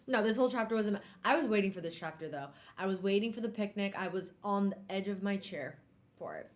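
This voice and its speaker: A woman hosting a casual live-stream book club, talking in an animated way with exclamations and trailing fillers. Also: medium pitch, brisk, a little hiss or hum.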